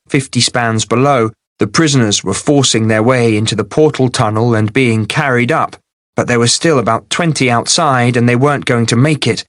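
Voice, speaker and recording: A man narrating a fantasy novel in a steady, measured audiobook reading. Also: mid-range voice, no room sound, studio quality.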